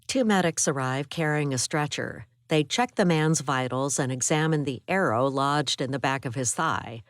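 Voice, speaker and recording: A woman narrating a first-person thriller audiobook in a measured, expressive way. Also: rumbling low, no echo, clean studio sound.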